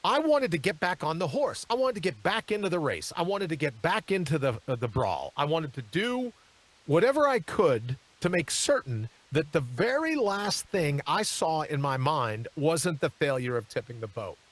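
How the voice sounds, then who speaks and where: A man hosting a live talk show, telling a story in an animated way and acting out the people in it. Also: on the high side, normal speed. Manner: animated, acts out the people in his stories. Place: studio.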